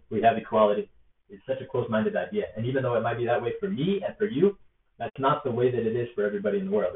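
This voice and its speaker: A young man telling a story in a casual, earnest, rambling way, with lots of fillers, recorded on a laptop. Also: medium pitch. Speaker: rally organizer. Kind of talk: casual spoken reflection to camera. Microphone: laptop or tablet built-in mic. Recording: echoey, distant, phone-like tinny sound.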